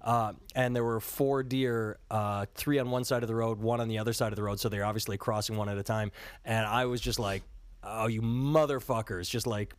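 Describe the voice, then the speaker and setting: A man's voice: on the low side, fairly even intonation, brisk, smooth, no echo. A man in his thirties hosting a podcast, rambling casually with profanity and self-mocking jokes. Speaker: podcast host. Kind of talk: casual political chat. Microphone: handheld recorder.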